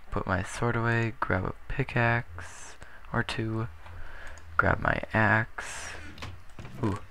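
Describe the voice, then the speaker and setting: A man's voice: on the low side, vocal fry, sharp tone, a little hiss or hum. A young man casually commentating his gameplay, rambling with self-deprecating jokes. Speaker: gaming channel host. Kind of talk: casual Let's Play commentary.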